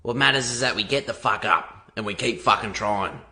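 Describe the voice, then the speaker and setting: A man acting in a comedy skit, loud, profane and excitable. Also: on the low side, fairly quick, vocal fry. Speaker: comedy creator. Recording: loud background noise.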